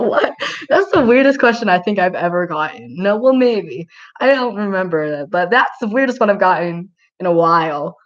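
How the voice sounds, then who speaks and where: A woman with a low voice chats on a livestream, rambling and breaking into giggles. She fills her talk with "like" and "um". The sound is muffled and lo-fi. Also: expressive, moderate pace. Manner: rambling and giggly, many filler words. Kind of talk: casual livestream chat reading comments.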